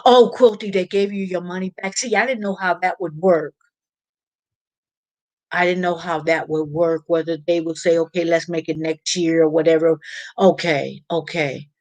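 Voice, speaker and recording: A woman with a fairly low, a little mellow voice and fairly even intonation speaks at normal speed as she hosts a casual live stream. She reads viewer comments and rambles along, full of fillers and restarts, and the recording is dry with poor audio.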